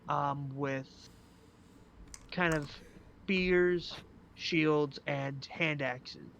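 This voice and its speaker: A man's voice: on the high side, fairly even intonation, drawn-out words, creaky, fairly bright tone. A man running a tabletop game as dungeon master, narrating with joking, profane asides. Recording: dull lo-fi audio with faint hum.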